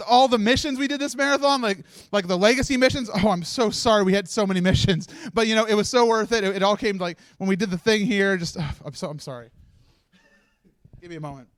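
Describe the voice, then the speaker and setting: A man with a high, smooth voice gives a halting, tearful thank-you speech on a marathon stream set. He keeps restarting his sentences and laughs through his tears. The sound is dry and close. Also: dry recording. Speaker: marathon organizer giving closing speech. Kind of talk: emotional live speech. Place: stage set of a charity marathon livestream.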